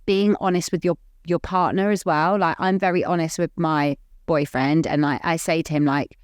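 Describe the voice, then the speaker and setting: A woman with a slightly low voice, chatting candidly on a podcast. She rambles, fills her sentences with "like", and stays open and earnest throughout. The close mic sounds dry, with almost no room. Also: fairly even intonation, normal speed, clean tone, no room sound. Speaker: podcast co-host. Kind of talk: candid casual chat.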